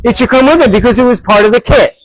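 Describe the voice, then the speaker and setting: A man working as a hot rod mechanic in his garage, talking bluntly and loudly in a casual vlog while wearing a headset. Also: extremely high pitch, fast, rough recording. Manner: blunt, direct and talks loud. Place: car garage. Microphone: headset mic.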